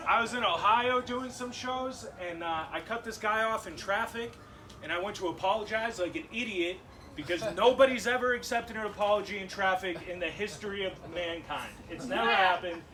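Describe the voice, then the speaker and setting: A young man from Massachusetts doing a stand-up set in a comedy club, animated and punchy, with laughing asides. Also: sits high, moderate pace, far from the mic, slight background noise, low-quality recording.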